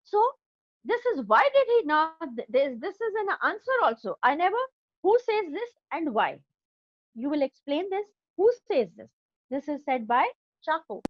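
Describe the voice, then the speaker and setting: An English teacher with an Indian accent breaks down a story line by line, repeatedly confirming that her class understands. She speaks at normal speed in a high, sing-song voice, and the dry recording has its highs cut off.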